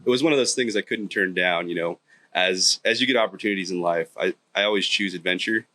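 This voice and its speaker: An American man talking as a guest in a casual podcast chat, earnest and halting with restarts. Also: sits low, bright, forceful tone. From United States.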